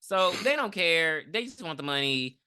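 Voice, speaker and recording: A podcast co-host recapping a movie in casual, profane chat, animated and mimicking the characters. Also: medium pitch, moderate pace, clean tone.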